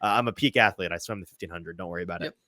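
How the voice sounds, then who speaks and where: A man hosting a sports podcast in casual chat, quick and self-deprecating, a little out of breath. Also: sits low, bright, forceful tone, no echo. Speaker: podcast host. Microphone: headphones, remote call.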